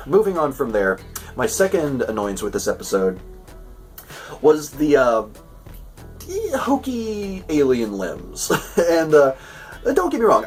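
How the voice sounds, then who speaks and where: A man talks through a TV episode review in a loose, chatty way, often stopping and restarting his sentences. His voice sits at an ordinary middle pitch. He is a little distant from the mic, with faint music underneath. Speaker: show host reviewing an episode. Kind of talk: casual spoken episode review.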